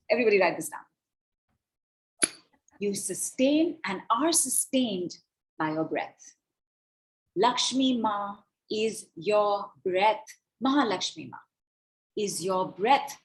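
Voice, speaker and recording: A woman guides a call full of money affirmations. She speaks very slowly, repeating phrases and breath cues in a measured chant. Her pitch sits in a middle range. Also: animated. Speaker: spiritual money coach.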